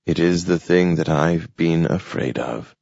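Vecchio robot maschio, stanco, parla piano e con gravità, letto da un uomo, voce profonda, audio spento. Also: male voice, low-pitched, vocal fry, darkish tone, no echo. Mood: grave. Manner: slow, grave and grating. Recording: dull lo-fi audio.

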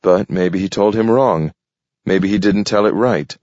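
A man voicing a firm, quietly determined young man in a storybook reading. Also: low-pitched, a little slow, no echo, dull audio.

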